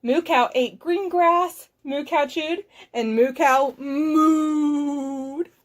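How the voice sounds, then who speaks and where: A woman, a children's librarian, reading a picture book aloud with expressive, clearly enunciated storytelling. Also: high voice, slow.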